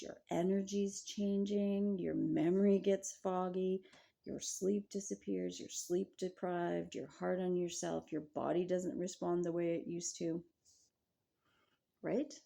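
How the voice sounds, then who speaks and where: A middle-aged woman, a wellness coach, talking reflectively to camera in a gentle, measured way with frequent rhetorical questions. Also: fairly low pitch, little pitch movement, vocal fry.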